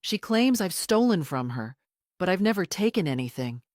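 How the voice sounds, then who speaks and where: A woman's voice: on the low side, very animated, normal speed, a little mellow, no echo, studio quality, voice pushed up. A woman voicing a middle-aged daughter on the witness stand, pleading and defensive as her voice breaks.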